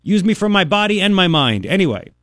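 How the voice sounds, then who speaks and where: A man in his thirties hosting a radio talk show, ranting in an animated, sarcastic way with mocking impressions. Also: sits high, fast, dry recording, clean studio sound. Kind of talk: opinionated talk radio monologue.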